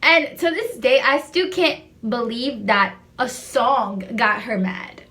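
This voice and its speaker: A woman's voice: a little high, expressive, slow pace, few pauses, a bit bright, faint music behind. A young woman telling a storytime in casual chat, rambling and sassy, swearing freely.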